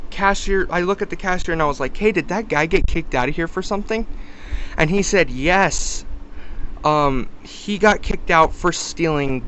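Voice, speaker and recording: A young man with a fairly high voice tells a personal story straight to the camera in a casual vlog. He is animated and swears freely, and he jumps into loud bursts whenever he acts out the other people's lines. A faint hiss sits under the voice. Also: rough recording.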